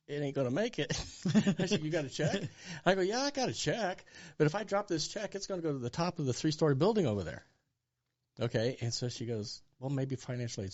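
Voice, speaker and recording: A man in his sixties, a pastor being interviewed, telling a story with lively acted-out dialogue. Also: mid-range voice, dull audio. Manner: animated storyteller acting out dialogue. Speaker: pastor and guest.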